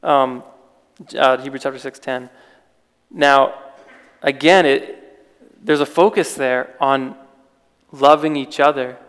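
A man's voice: mid-range voice, fairly even intonation, takes it slowly, long pauses, fairly bright tone, smooth, long reverb tail. A man preaching an informal sermon in a conversational way, with restarts and rhetorical questions.

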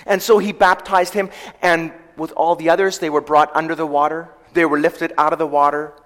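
A man preaching a sermon, retelling scripture in a storytelling way, slowing down for quoted verses and letting his volume rise and fall. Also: on the high side, flat delivery, a bit bright. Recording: long hall reverb.

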